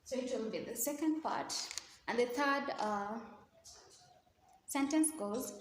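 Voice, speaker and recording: A woman's voice: fairly high pitch, slow pace, pauses often. A woman teaching an exam revision lesson, explaining step by step and repeating key words. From Kenya. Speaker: English teacher. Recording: echoey room with faint noise.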